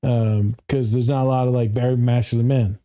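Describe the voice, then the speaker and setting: A blunt, profane man speaking on a podcast about his work as a therapist. His voice is very dark and mellow at a middle pitch. He laughs often and jumps up into higher voices to mimic people. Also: level tone, a little fast, highs cut off. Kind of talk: casual podcast conversation.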